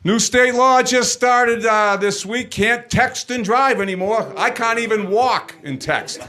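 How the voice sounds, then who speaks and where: A middle-aged man from the area, doing a stand-up routine of punchy one-liners with deadpan setups. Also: very high-pitched, unhurried. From Boston area, Massachusetts. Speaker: stand-up comedian.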